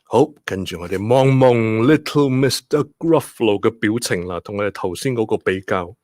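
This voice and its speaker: A man's voice: fairly low pitch, moderate pace, no room sound, clean studio sound. A man with a Hong Kong English accent, reading a bedtime story to children and teaching them about rhyme. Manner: animated, code-switching, stressing words for children.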